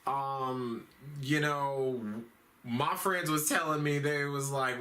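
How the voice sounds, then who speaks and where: A man's voice: medium pitch, steady tone, takes it slowly, sharp tone. A man hosting a comedic news recap, rambling in a loose, slangy, profane way. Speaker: host.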